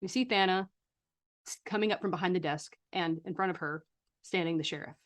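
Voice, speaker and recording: A woman's voice: fairly low pitch, fairly quick. A woman narrating a horror tabletop game as game master, setting scenes like a film in a casual way.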